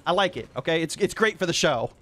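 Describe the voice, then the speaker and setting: Excitable high-voiced man yelling over gameplay. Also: quick pace, slight background noise. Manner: loud, excitable, trash-talking, laughs and yells often. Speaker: gaming YouTuber. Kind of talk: energetic gameplay commentary.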